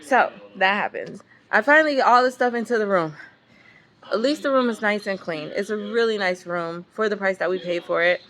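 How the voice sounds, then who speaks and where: With a mid-range voice and a fairly quick pace, an adult parent vlogs a casual storytime over slight background noise. Exasperation drives her animated telling, and the profanity flows freely.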